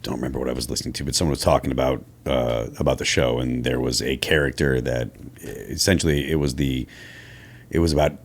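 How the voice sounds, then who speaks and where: An extremely low-pitched man talking on a casual podcast panel. He searches for words and lets sentences trail off. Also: fairly even intonation, fast talker. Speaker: podcast co-host.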